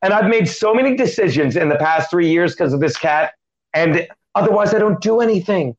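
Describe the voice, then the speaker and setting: High-voiced male comedian telling a story. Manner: animated, quick joking delivery with acted quotes. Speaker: comedian guest. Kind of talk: storytelling in an interview. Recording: dull lo-fi sound.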